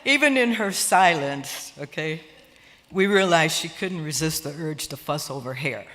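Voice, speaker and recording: A woman's voice: sits low, expressive, unhurried, a bit bright. Older woman giving a tearful eulogy. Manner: tearful, laughing through emotion. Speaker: sister of the deceased giving a eulogy. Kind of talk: emotional memorial eulogy. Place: church sanctuary. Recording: long church-hall reverb.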